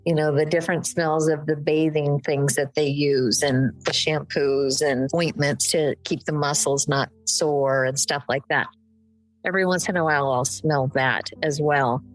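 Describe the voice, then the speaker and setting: A woman's voice: low voice, steady tone, measured pace, soft background music, rough recording. An older woman, an interview guest, speaking candidly about her late mother, laughing through tears now and then. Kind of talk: emotional conversational interview.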